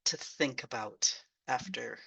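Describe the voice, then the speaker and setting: A woman's voice: a bass voice, slow, creaky, sharp tone, husky. A middle-aged woman hosting a podcast, asking questions in a friendly, curious way. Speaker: podcast host. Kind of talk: interview chat.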